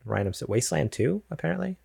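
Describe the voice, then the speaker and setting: A man's voice: on the high side, very animated, fast talker, gravelly, warm tone, slightly rough, no room sound, clean studio sound. A man co-hosting a casual gaming podcast, rambling and hedging with lots of fillers. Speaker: podcast co-host. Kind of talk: casual chat.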